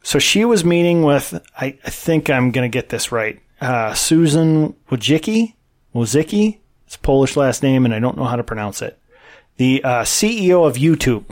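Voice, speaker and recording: A man's voice: medium pitch, lively intonation, moderate pace. A man co-hosting a podcast in casual chat, blunt and opinionated, swearing freely. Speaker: podcast co-host.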